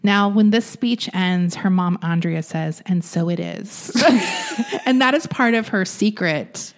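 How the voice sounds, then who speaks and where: A woman's voice: medium pitch, measured pace. A woman co-hosting a podcast, chattily recapping a story, laughing often and saying "like" a lot. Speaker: podcast co-host. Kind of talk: casual chat recapping a story.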